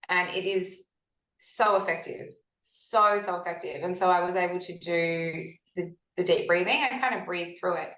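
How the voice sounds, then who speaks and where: A woman in her forties, a health practitioner talking as a guest in a conversational interview, telling stories lively and acting out her own past thoughts. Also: lowish voice. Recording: echoey room.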